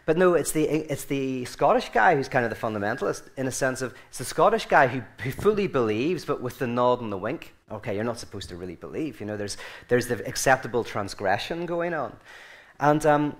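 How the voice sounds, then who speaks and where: A man's voice: medium pitch, lively intonation, brisk. An Irish man giving an informal talk to a group, rambling and often restarting his sentences, with a joking, storytelling manner. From Ireland. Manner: rambling, self-correcting, joking. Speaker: guest speaker.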